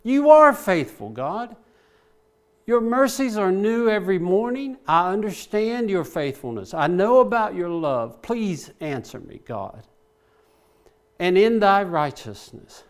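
Impassioned high-voiced male preacher. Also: sing-song, slow. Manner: impassioned, praying aloud as he paraphrases scripture. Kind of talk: sermon.

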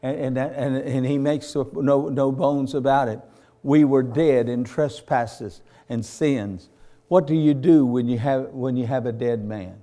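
A man's voice: medium pitch, steady tone, a little slow, mellow. A man preaching a sermon to his church, retelling stories with fervor and repeating phrases in rhythmic runs. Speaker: pastor.

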